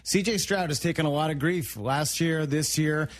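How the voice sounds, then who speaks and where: A man on a sports talk radio show, animated, walking through playoff scenarios step by step. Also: a little high, normal speed, no room sound, clean studio sound.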